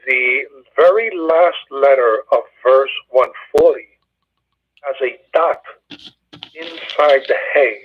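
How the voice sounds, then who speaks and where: Man, Bible study teacher, husky voice, methodical and patient, lots of uh pauses, tinny phone line. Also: medium pitch. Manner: methodical, patient explaining with frequent "uh" fillers. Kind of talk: Hebrew grammar lesson over a phone call.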